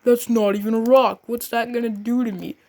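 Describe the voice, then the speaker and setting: A woman's voice: a little high, fairly even intonation, a little fast, a little mellow, close to an everyday voice. A woman voicing an irritable male animatronic bear plush. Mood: annoyed. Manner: annoyed, snappy.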